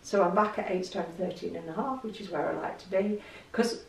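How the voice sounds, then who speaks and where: English lady chatting to camera, bit of fry in her voice, sounds a bit far off. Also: fairly low pitch, brisk. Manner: chatty, storytelling, laughs easily. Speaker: vlogger. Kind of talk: casual chat to camera. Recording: roomy echo, distant mic.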